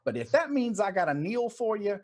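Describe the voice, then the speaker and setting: A man's voice: sits high, sing-song, fairly quick, a little mellow, pitched above the performer's own voice. A man doing a blustering streetwise gambler. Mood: defiant.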